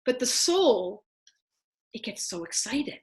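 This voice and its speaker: A woman astrologer giving a lively spiritual talk to a group and acting out inner voices as she goes. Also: fairly high pitch, slow pace. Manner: animated, acts out inner voices. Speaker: astrologer teaching a workshop.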